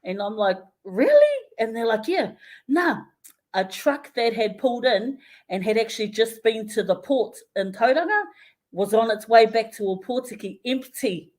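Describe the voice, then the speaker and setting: A woman with a New Zealand English accent chats as a radio guest, her voice sitting a little high. She tells her story with energy, slipping into the voices of the people she quotes and laughing often. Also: moderate pace, darkish tone. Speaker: interview guest, community health worker. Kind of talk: casual radio interview storytelling.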